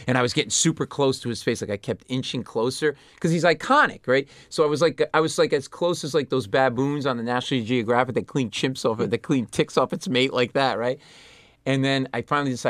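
A stand-up comedian from Rhode Island tells lively anecdotes in an interview, leaping into loud impressions of the people in his stories. He talks fast in a mid-range voice, captured in a dry recording, and the whole thing is animated interview storytelling.

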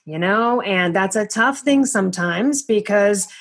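A woman's voice: mid-range voice, measured pace, husky. A woman hosting a podcast interview, talking in a reflective, searching way and often restarting her thoughts. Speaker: podcast host.

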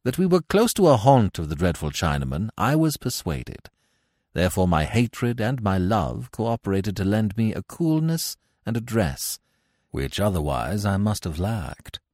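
A man giving scripted narration of a classic tale in a measured, expressive way. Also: lowish voice, dry recording, studio quality. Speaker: audiobook narrator.

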